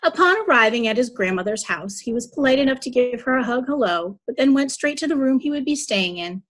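A woman reading a children's story aloud at a church service, telling it evenly and clearly. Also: a little high, expressive, a little fast, a bit bright.

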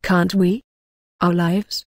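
A woman's voice: lowish voice, flat delivery, slow, dry recording, studio quality. A woman reading a teasing young sweetheart. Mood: tender. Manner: soft, teasing.

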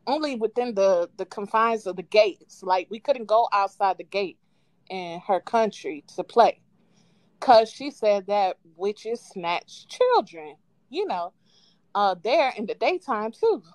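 A woman calling in to a live show, casually telling a childhood story with lively quoted voices and frequent laughs. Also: medium pitch, takes it slowly, no room sound. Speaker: caller. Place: at home on a live call. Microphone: phone.

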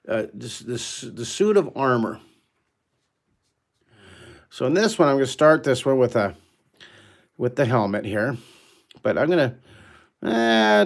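A man's voice: on the high side, gravelly. Chatty man hosting a drawing lesson. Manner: chatty, rambling, excitable storyteller. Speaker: drawing teacher hosting a live webcast. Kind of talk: live online drawing lesson.

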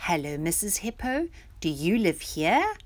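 A woman's voice: on the low side, big pitch swings, unhurried. A woman voicing a small, curious little girl who greets animals with eager questions.

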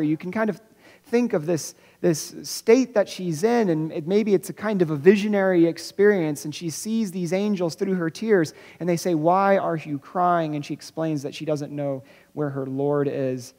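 Searching preacher in an echoing church. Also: medium pitch. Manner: searching, repeats words and restarts, slows for emphasis. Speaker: pastor. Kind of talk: Easter sermon. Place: church sanctuary. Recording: long reverb of a church hall.

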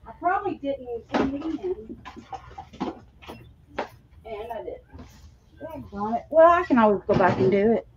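A woman in a casual crafting chat, talking in a relaxed way while she works. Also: fairly high pitch, unhurried, long pauses, muffled recording, background noise. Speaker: co-host crafting guest.

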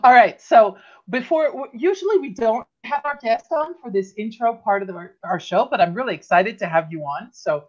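A woman's voice: on the high side, expressive, moderate pace, a little mellow, dull audio. A woman hosting a live online talk show, chatting casually with many restarts and easy laughter. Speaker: host.

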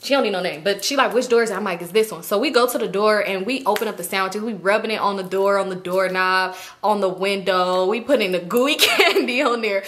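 A woman's voice: mid-range voice, brisk. A young woman telling a storytime to her channel in a casual, slangy monologue, swearing freely and acting out what she said. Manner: animated, slangy, swears freely, acts out her own lines.

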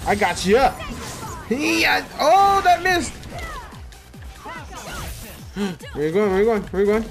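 A man giving casual, excitable commentary while playing a fighting game, gasping and laughing as he reacts. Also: sits high, normal speed, soft background music. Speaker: let's player.

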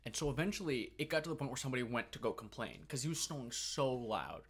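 A young man co-hosting a casual podcast, telling a story with animated, profane energy. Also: medium pitch, fast talker, slightly rough. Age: young adult. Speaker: podcast co-host.

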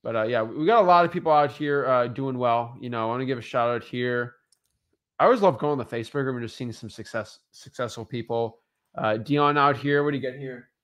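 Brief: male co-host, casual upbeat stream chat, mid-pitched voice, frequent shout-outs. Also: brisk. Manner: upbeat, giving shout-outs, many fillers. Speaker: co-host of a wholesaling livestream.

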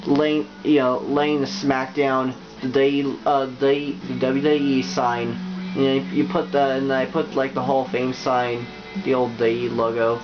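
Young male YouTuber, rambling and halting, dull lo-fi recording over music. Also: mid-range voice, flat delivery. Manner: rambling, halting, many fillers and restarts. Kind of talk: casual game tutorial.

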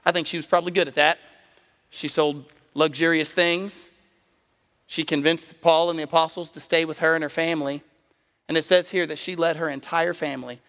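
A man's voice: on the high side, steady tone, moderate pace, fairly bright tone, long reverb tail. A man preaching a sermon as a pastor, telling a personal story and building to emphatic appeals. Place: church sanctuary.

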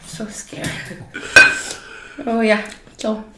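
A woman's voice: very slow, heavy background noise. A woman from Northeast India who is a food vlogger, telling funny stories with a laugh while eating at home. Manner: laughing, animated storytelling. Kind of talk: casual storytelling over a meal. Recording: echoey room, faint clatter of dishes.

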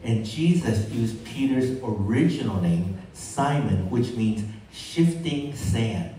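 Brief: male pastor, expressive sermon delivery, mellow tone, heard from a distance in a very echoey church hall. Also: slow, a little hiss or hum. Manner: expressive, acts out quotes with pitch jumps. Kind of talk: bilingual sermon with interpreter.

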